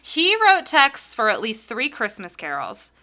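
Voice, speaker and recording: A woman's voice: a little high, huge pitch swings, unhurried, pushed and bright. A young woman co-hosting a podcast, chatting casually with lots of fillers and laughs. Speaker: podcast co-host. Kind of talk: casual chat.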